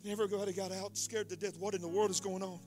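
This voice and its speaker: A man preaching a sermon in a singsong cadence, swinging between soft whispers and shouted call-and-response. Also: high voice, level tone, rapid-fire, faint music behind.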